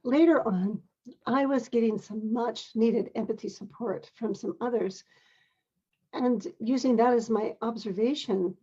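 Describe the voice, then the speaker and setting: Clearing her throat now and again, an older parent and grandmother relates a personal experience in a gentle, earnest, measured voice. Her pitch is fairly high, and the audio sounds dull.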